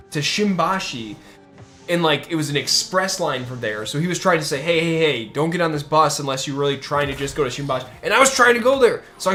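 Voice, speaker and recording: Chatting casually on stream, a US man with a fairly bright, higher-pitched voice rambles on, leaning on fillers and starting his sentences over again and again.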